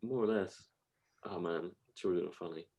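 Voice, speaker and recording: A man in casual podcast chat, making dry, relaxed remarks. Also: deep voice, normal speed, gravelly, breathy edge.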